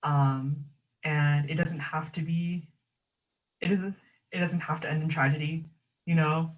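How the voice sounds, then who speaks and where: A young adult panelist speaking in a halting, heartfelt way with many fillers, over a video call. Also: male voice, a little high, little pitch movement, rough recording. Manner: warm, halting, many fillers, gets emotional and laughs. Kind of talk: panel discussion.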